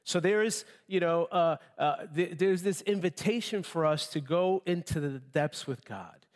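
A man preaches to his congregation and tells his own story. His voice sits a little high, and he calls out to the crowd as he goes. The sound carries the long reverb of a church hall. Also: a little slow. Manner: storytelling, animated, addresses the congregation. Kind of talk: sermon with personal testimony.

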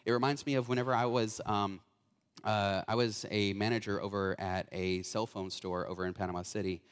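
A man's voice: lowish voice, fairly even intonation, a little fast, clean tone, big-room sound. A young man preaching as a guest speaker in a church, chatty and informal, with many fillers and restarts. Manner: casual, talkative, lots of fillers and self-corrections. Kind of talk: sermon. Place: church hall.

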